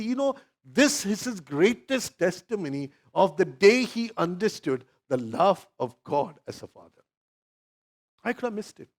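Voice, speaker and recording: Male Indian pastor, sermon storyteller, higher voice with wide, lively pitch swings. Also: a little slow. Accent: Indian English. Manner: storytelling, addressing the congregation directly.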